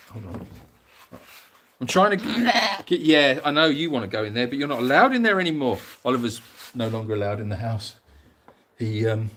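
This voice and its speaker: A man's voice: medium pitch, a bit bright, slight background noise. A man hosting a casual live stream from home, chatting and reading out viewer comments in a rambling way. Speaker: animal sanctuary host reading live comments. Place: at home, moving about the house.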